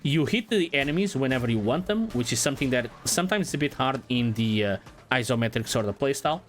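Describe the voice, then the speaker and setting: A man giving casual let's-play commentary in a relaxed, playful way, swearing now and then. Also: mid-range voice, fast, soft background music. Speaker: gaming channel host.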